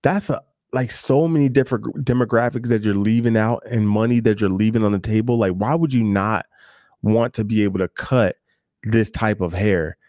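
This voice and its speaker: A man who cuts hair for a living talks candidly to the camera at a moderate pace, offering loose advice peppered with fillers and asides. His fairly low, darkish voice comes through a dry, clean studio recording.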